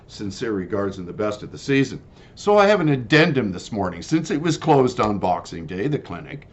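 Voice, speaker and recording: An older retired man telling his complaint in a personal monologue, formal and measured at first, then loud and indignant. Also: mid-range voice, highs cut off.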